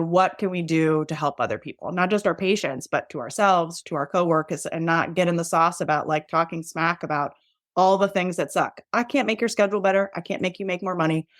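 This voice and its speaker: A woman's voice: lowish voice, brisk, dry recording, studio quality. A middle-aged woman in a casual interview, talking candidly and animatedly and often acting out what people say. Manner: candid, animated, acts out quoted dialogue. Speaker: nurse practitioner guest.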